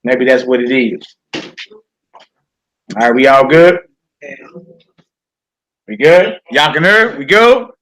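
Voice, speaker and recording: A man leading a streamed bible study in an animated, joking, slangy preaching manner. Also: mid-range voice, takes it slowly, pauses often, rough recording.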